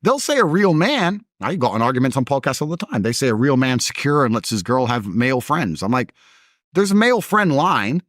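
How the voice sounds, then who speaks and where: A man's voice: mid-range voice, big pitch swings, a little fast, a bit bright, no room sound, clean studio sound. A man talking as a podcast guest in a blunt, emphatic, mocking way. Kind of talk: podcast conversation.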